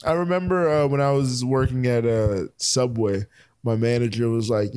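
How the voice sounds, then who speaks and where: A man trades quick banter with his co-host in a casual sports chat. He leans on uh fillers as he works through his points, and his voice sits at a middling pitch. The sound is close and dry. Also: a little mellow, no room sound. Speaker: podcast co-host.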